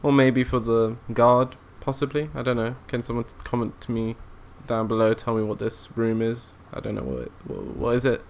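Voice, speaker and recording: A man's voice: mid-range voice, moderate pace, gravelly, hardly any pauses, slight background noise. A young man giving casual, rambling commentary while playing a train simulator, thinking aloud and often restarting his sentences. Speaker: let's play gamer.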